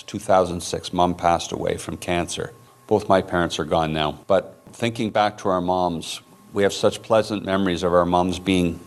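Middle-aged man preaching a sermon. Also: fairly low pitch. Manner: builds from calm storytelling to loud, excited preaching. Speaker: pastor. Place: church.

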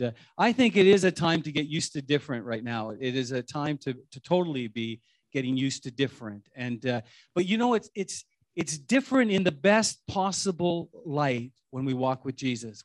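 A man's voice: medium pitch, no room sound, clean studio sound. A middle-aged man preaching a sermon in a rambling, conversational way, full of restarts and asides. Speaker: pastor.

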